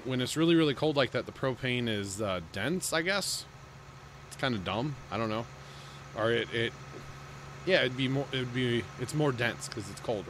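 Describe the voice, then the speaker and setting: A man hosts a gaming livestream, talking in a loose, rambling way as he chats with friends and thanks his viewers. His voice sits at an ordinary middle pitch. A faint hiss runs underneath. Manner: rambling, chatty, thanks subscribers. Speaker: streamer host. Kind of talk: casual livestream chat.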